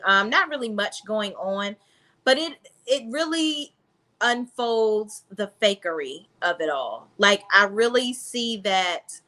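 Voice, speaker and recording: A woman's voice: mid-range voice, sharp tone. A woman reviewing a reality TV episode in a blunt, sassy, casual recap style, talking straight to her viewers.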